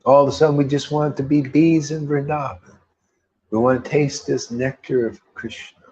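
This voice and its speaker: A man's voice: medium pitch, fairly even intonation, moderate pace, dark tone, slightly rough, lo-fi sound. A man giving a casual, rambling devotional talk with a laid-back manner, often tossing in "man". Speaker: devotional speaker.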